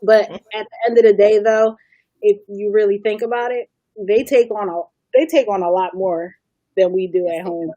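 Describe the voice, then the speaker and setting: A woman's voice: mid-range voice, moderate pace, mellow, no echo. A woman hosting a casual chat with friends, telling stories and mimicking the people she quotes. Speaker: host.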